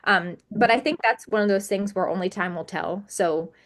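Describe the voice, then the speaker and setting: A woman speaks as an interview guest at a steady, middle pitch. She is earnest and emphatic and stacks up repeated words to drive her points home. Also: moderate pace. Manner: earnest and emphatic, piling up repetitions. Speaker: podcast guest. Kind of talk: candid interview conversation.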